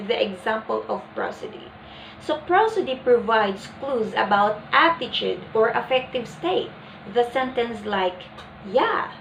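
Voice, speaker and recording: A young woman presenting a lesson plan in a deliberate, explanatory way. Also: a little high, fairly bright tone, echoey room, a little hiss or hum, low-quality recording. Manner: deliberate, acts out example lines.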